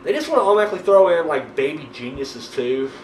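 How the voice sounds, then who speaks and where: A young man reviewing horror movies in a rambling, excitable, profane way, swearing constantly. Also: on the high side, quick pace, a little hiss or hum. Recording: echoey room, mic at a distance.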